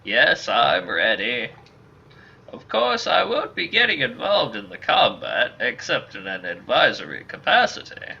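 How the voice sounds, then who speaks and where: A man voicing a gruff old male mercenary in a video game, with a slow, stately delivery. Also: medium pitch, huge pitch swings, pushed and bright, heavily acted. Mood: hearty. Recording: dull lo-fi with faint hiss.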